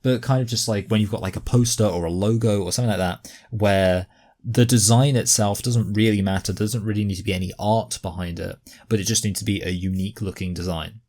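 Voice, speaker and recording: A man's voice: fairly low pitch, fairly even intonation, brisk, a little mellow. A young man giving casual reaction commentary, rambling with many fillers and getting exasperated.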